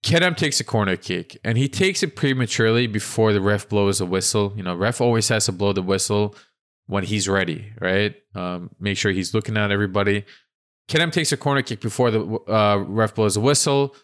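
A man with a fairly low voice co-hosts a casual football podcast. He retells match moments in an animated, chatty play-by-play way. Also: a little fast. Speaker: podcast co-host. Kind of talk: casual sports podcast chat.

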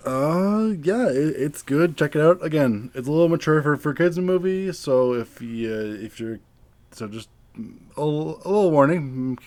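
A young man co-hosting a casual film review podcast, talking haltingly with many stammers and repeated words. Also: a little high, lively intonation, a little mellow, no room sound. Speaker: podcast co-host.

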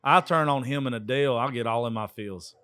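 Rowdy tipsy Southern man, bright voice. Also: medium pitch, a little fast, clear, resonant tone, no room sound, studio quality. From Georgia, USA. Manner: rowdy, profane, excitable. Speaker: radio show host. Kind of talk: drunk live sports commentary.

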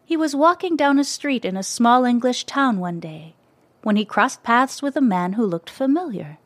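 Woman reading kids story, gentle expressive, dry close mic. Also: a little high, normal speed, dry recording.

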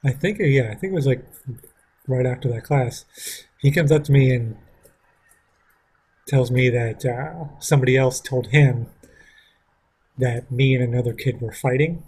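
A man's voice: medium pitch, unhurried, long pauses, a little mellow, slightly rough. A man casually telling a story from his school days, rambling with frequent swearing. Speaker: vlogger.

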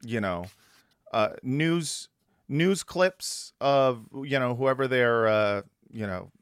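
A male podcast host talks at a slow, unhurried pace. His voice is smooth and clear, and he speaks in a wry, hesitant way full of fillers. The recording is dry and close. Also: medium pitch, lively intonation, no echo. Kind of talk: casual chat.

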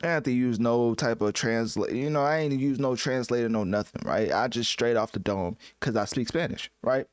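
A man's voice: medium pitch, moderate pace, few pauses, dry recording. Joking man reacting to music, dry sound. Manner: joking, self-mocking, filler-heavy. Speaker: music commentator. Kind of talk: casual reaction commentary.

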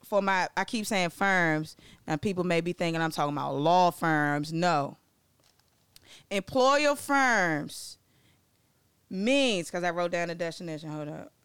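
Excitable young woman with a smooth, dry voice. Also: lowish voice, measured pace, no room sound. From Maryland, US. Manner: excitable, joking, digressive, swears freely. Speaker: vlogger presenting facts on Black-owned businesses. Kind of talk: casual educational vlog talk.

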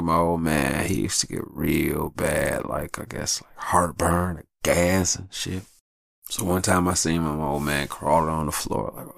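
A low, gravelly male voice with a steady tone and an unhurried pace, recorded clean in a studio with no echo. He hosts a podcast and tells personal stories in a candid, profane, casual monologue, acting out the voices of people in them.

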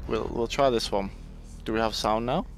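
A man's voice: medium pitch, normal speed, creaky, slight background noise. A man playing a tabletop game over a video call, easygoing in his manner. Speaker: player.

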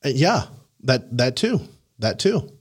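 A man hosting a podcast, coaching a guest in a casual, animated way, laughing and acting out the people he quotes. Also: mid-range voice, takes it slowly, breathy edge. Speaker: podcast host and career coach.

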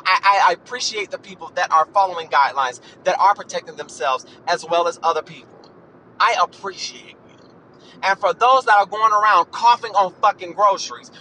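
A man's voice: sits high, sharp tone, a little hiss or hum, low-quality recording. A man in his thirties hosting a podcast, ranting in a profane, emphatic, sassy way and calling listeners honey. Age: 30s. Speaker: podcast host.

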